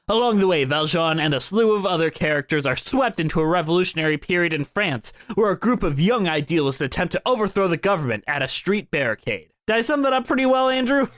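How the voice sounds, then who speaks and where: A playful male podcast host with a rather high voice that swings widely in pitch. He jokes and giggles between lines of a read summary, and the sound is close and dry. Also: fairly bright tone, no echo. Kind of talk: comedic casual chat and read summary.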